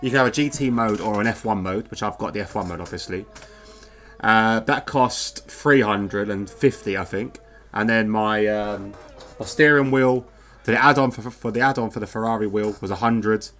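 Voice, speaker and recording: A man's voice: fairly low pitch, moderate pace, a bit bright. Man, casual race commentary, rambling, filler-heavy, headset mic. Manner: chatty, rambling with many fillers and restarts. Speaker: sim racing commentator. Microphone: wireless headset.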